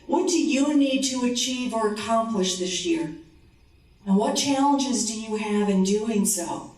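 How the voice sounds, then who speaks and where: Woman giving a conference talk, acts out both sides of a chat, kinda distant and echoey. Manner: animated, acts out dialogue in a lower voice for the man. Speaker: conference speaker. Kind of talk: motivational presentation with storytelling. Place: conference hall. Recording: roomy hall, distant mic.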